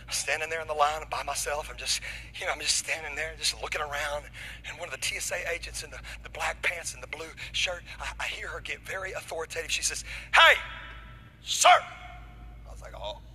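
A man preaching a lively sermon as pastor, acting out stories with dramatic, building energy. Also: on the high side, a little hiss or hum, low-quality recording. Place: church.

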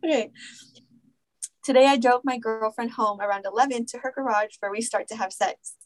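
A young woman co-hosting a podcast, reading stories aloud and reacting with gasps and loud, profane commentary. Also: a little high, moderate pace. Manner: animated, gasps and reacts loudly, swears casually. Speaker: podcast co-host.

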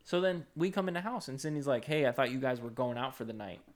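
A man's voice: mid-range voice, fast talker. A man in casual chat, telling a story and asking follow-up questions.

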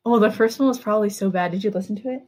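A woman's voice: medium pitch, rapid-fire, a little mellow. A young adult woman hosting a podcast, telling a personal story in casual, rambling chat with lots of "like.". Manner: rambling, heavy use of "like". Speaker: podcast host.

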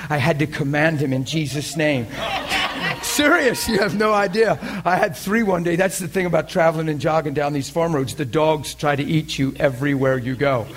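Animated laughing preacher man, higher voice. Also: fairly quick, hardly any pauses, background noise. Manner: animated, laughs often while telling the story. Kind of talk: sermon storytelling.

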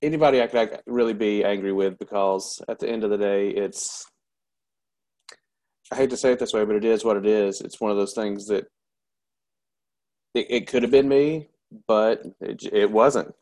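A man, a military veteran, telling a painful personal story in an interview, halting and candid with many pauses and restarts. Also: fairly low pitch, darkish tone.

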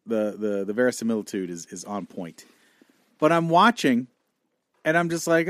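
A man co-hosting a podcast in casual chat, animated and swearing freely. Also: medium pitch, fairly quick, no room sound, studio quality. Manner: animated, swears a lot, gets choked up. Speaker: podcast co-host.

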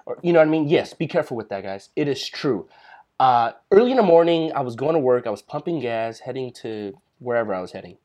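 A man's voice: medium pitch, expressive, quick pace, a little mellow. A young man co-hosting a casual podcast, telling stories loosely and swearing freely. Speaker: podcast co-host.

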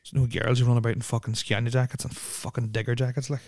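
Swearing, rambling Irish podcast host. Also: male voice, medium pitch, level tone, fast, darkish tone, no echo, clean studio sound. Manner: rambling, swears constantly, heavy use of "like". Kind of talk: casual podcast chat. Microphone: close podcast mic.

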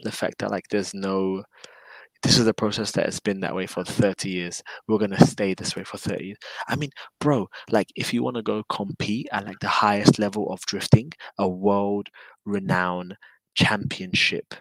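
A man with a London accent talks in a low, gravelly voice, easygoing and slangy as he rambles and repeats himself. His voice sounds close and dry, as a guest in a casual interview chat. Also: fairly even intonation, normal speed, no echo, low-quality recording. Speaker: guest, drifter.

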